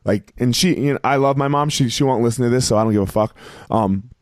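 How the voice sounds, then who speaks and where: A man's voice: medium pitch, fast, dry recording, studio quality. A man in his forties, a podcast guest talking in a rambling, casual way, full of fillers and profanity.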